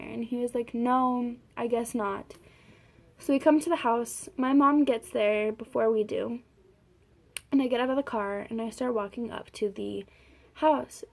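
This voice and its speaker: A young woman telling a personal story in a halting, casual way, full of fillers and restarts. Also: on the high side, creaky. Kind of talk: personal story told to camera.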